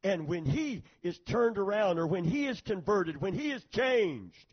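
High-voiced man preaching, calling for amens. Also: lively intonation, unhurried, slightly rough, highs cut off. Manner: calls for amens, retells scripture with acted quotes. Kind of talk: sermon.

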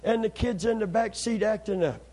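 Husky guy preaching, kinda high voice, acts out the story, loud then quiet. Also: moderate pace. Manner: animated storytelling, acting out scenes, swings from loud to hushed. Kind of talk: sermon.

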